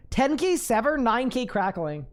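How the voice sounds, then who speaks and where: A young woman streamer narrating her game live, with a slightly high voice that swings all over. She gets excitable and laughs easily while talking to chat at her desk mic. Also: measured pace. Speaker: gaming streamer. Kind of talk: live gaming commentary.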